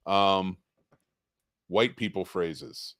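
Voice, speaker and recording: A man's voice: deep voice, drawn-out words, a bit bright, clear, resonant tone, no room sound, clean studio sound. A man hosting a live stream, chatting casually and joking with a laugh in his voice. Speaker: stream host.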